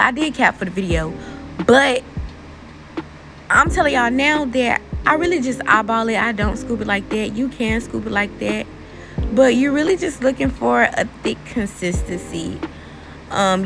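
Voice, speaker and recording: Chatty young woman with a gravelly voice. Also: on the high side, rough recording. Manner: chatty, informal slang, addresses viewers as y'all. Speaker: beauty vlogger. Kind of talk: casual tutorial voice-over.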